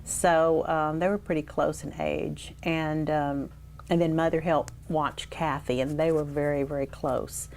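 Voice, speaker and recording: A woman's voice: deep voice, fairly even intonation, a little slow, vocal fry, darkish tone, slight background noise. An older woman reminiscing in an oral history interview, telling her stories with animation and acting out the people she quotes. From South Texas. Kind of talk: reminiscing storytelling.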